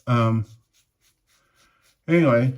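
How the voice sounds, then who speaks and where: Rambling middle-aged man telling stories. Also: medium pitch. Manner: rambling, anecdotal, chuckling. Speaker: shaving product reviewer. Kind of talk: casual vlog storytelling while shaving.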